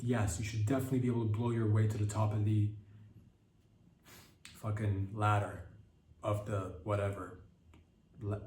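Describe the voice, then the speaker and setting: A man's voice: mid-range voice, mellow, echoey room, far from the mic. A man hosting a podcast, riffing on the news in a rambling, mock-serious comedic way. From Canada. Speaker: podcast host.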